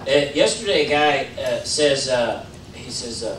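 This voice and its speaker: A man giving an informal sermon in a church, talking in a conversational way with many fillers and restarts, rising into animated emphasis. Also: medium pitch, moderate pace, noisy background. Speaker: preacher. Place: church sanctuary. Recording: roomy church audio, mic at a distance.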